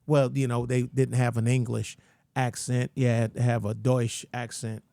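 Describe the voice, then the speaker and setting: A man's voice: mid-range voice, little pitch movement, normal speed, creaky, mellow, dry recording. A man hosting his own channel, ranting in a folksy, rambling, slangy way. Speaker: channel host. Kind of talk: casual rant commentary.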